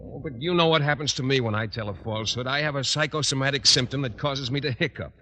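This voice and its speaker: An actor playing a meek, fussy biology teacher in a 1940s radio sitcom, hesitant and apologetic. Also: male voice, medium pitch, fast talker, pushed and bright, lightly acted. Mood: fretful. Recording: hissy old radio broadcast recording.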